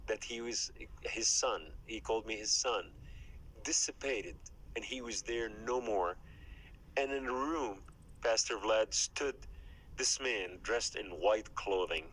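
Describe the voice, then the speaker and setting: As an interview guest, a man gives a fervent, emotional faith testimony in a slightly bright voice on a low-quality recording. At its peaks his voice climbs high, and at times it drops to a breathy whisper.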